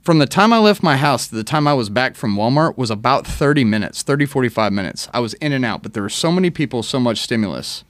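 A man, an army veteran and guest on a podcast, telling stories in a casual chat with animated, profane delivery. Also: mid-range voice, fast talker, few pauses, no room sound.

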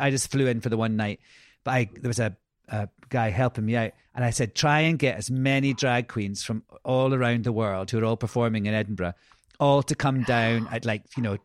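A man's voice: medium pitch, no echo. A man hosting a casual podcast chat, speaking in an effusive, affectionate, enthusiastic way. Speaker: podcast host.

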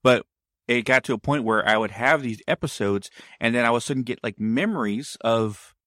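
A man's voice: medium pitch, moderate pace, fairly bright tone, dry recording, clean studio sound. A man telling a story in casual conversation, meandering and often backtracking to explain himself.

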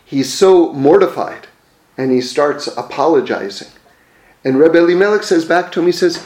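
A man's voice: a little high, lively intonation, moderate pace, a little mellow, roomy sound. A man telling religious teaching stories in a conversational way, with frequent fillers and self-corrections. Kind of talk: storytelling religious lesson.

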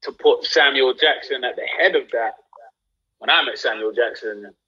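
A London-accented young actor from England shares stories on a casual live-streamed interview, calm in general but animated when an anecdote gets going. His medium-pitched voice is slightly rough and moves at a moderate pace, and the sound quality is lo-fi.

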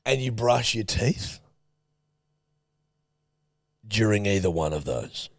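A young adult man, co-hosting a casual podcast with rambling stories and deadpan jokes. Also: on the low side, slow, no echo, studio quality. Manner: joking, rambling, deadpan quips. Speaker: podcast co-host. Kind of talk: casual chat.

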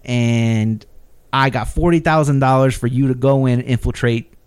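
A man's voice: medium pitch, fairly even intonation, moderate pace, a little mellow, clear, resonant tone. A man co-hosting a podcast, retelling a film scene by scene in rambling casual chat, laughing and acting out the lines. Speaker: podcast co-host recapping a movie.

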